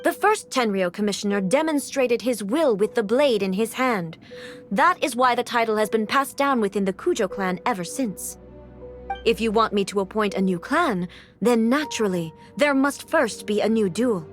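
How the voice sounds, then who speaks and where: An imperious ruler, voiced by a woman, speaks with cold, formal command in a game scene. Her voice sits slightly high and every word is measured. Faint game music plays behind her. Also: lively intonation, close to an everyday voice.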